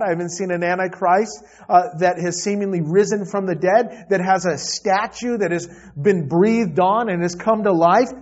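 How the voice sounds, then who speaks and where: Pastor, male, high voice, emphatic, repetitive sermon delivery, muffled recording. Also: darkish tone. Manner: earnest, emphatic preaching with repetitions and restarts.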